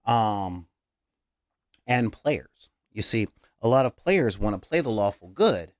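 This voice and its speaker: A man's voice: fairly low pitch, very animated, slow pace, no room sound. A man hosting a casual talk about tabletop roleplaying as a game master, speaking earnestly with many hesitations and fillers.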